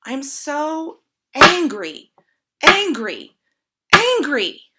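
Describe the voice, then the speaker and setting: A woman doing a loud, high little boy. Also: wildly swooping pitch, brisk, very noisy. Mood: angry. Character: small boy, upset and stubborn.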